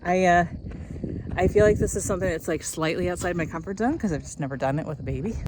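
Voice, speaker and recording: A woman's voice: on the low side, fast, noisy background. A young woman chatting casually in a walking vlog on an outdoor hiking trail. She talks in an upbeat, rambling way and is slightly out of breath from carrying a load. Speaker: vlogger.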